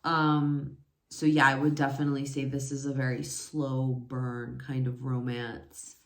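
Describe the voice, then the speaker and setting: A woman's voice: rumbling low, flat delivery, unhurried. A woman in her forties chatting casually about romance novels, rambling with many fillers and self-corrections. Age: 40s. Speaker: book reviewer. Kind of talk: casual book review chat. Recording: echoey room.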